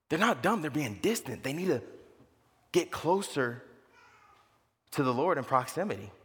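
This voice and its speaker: Man, pastor preaching, lively swinging pitch, echoing church hall. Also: a little slow, pauses often. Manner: animated, jumps to high excited pitch for emphasis. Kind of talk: sermon. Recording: long reverb of a large hall.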